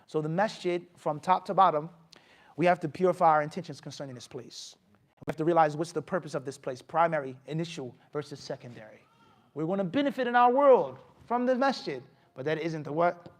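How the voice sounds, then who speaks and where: A man gives a mosque lecture in a fairly high-pitched voice. He is animated and rhetorical, often asking the audience questions and acting out little scenes to make his point. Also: a little fast. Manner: animated, asks the audience questions, acts out scolding. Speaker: imam giving a talk.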